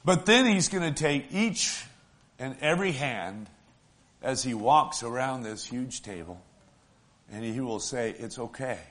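Preacher guy, mid voice, folksy sermon, gets loud and slow then drops real soft. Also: medium pitch, expressive. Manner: folksy, asks the congregation "right?".

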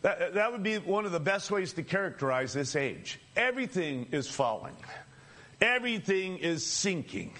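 A man with a notably high voice preaches a sermon. He speaks to his listeners as friends and builds his points through repetition, with brief chuckles in between. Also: bright, forceful tone.

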